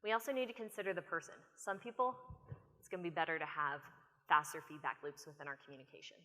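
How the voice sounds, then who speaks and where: An American woman speaker giving an animated, storytelling conference talk from a stage. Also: sits low, fast. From United States. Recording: long reverb of a conference hall.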